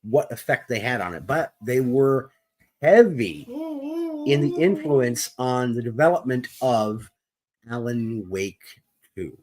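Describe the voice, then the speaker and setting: Animated, ranting man. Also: mid-range voice, takes it slowly. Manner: heated, profane ranting; wordy, formal vocabulary. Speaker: podcast co-host. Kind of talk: opinionated gaming discussion.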